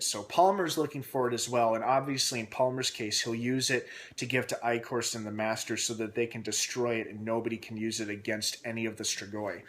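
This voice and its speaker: A young man hosting a casual TV episode recap vlog. He rambles with a lot of "uh" fillers and restarts, and he asks himself questions aloud as he speculates. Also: mid-range voice. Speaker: TV episode reviewer and channel host.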